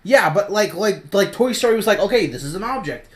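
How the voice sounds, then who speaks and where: A woman in a loose, casual review chat, swearing freely and sounding exasperated. She keeps to a mid-range voice, then breaks into loud shouts. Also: mid-range voice, animated, a little fast. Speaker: host.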